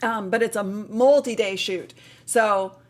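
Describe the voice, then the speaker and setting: A woman's voice: mid-range voice, takes it slowly. A woman hosting a casual live Q&A stream, sounding tired but chatty and upbeat, laughing often and trailing off into fillers. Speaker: livestream host.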